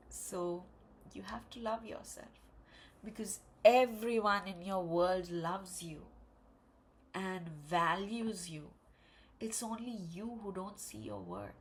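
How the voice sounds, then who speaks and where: A woman giving an emotional, encouraging tarot card reading, speaking slowly and with emphasis. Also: medium pitch, gravelly, a little hiss or hum. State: tearful. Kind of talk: spiritual pick-a-card reading.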